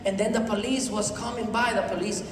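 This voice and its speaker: A man giving an energetic motivational talk at a sales event, repeating himself and dropping "you know" often, in imperfect non-native English. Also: high voice, brisk. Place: event hall with audience. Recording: echoey hall from far off, noisy.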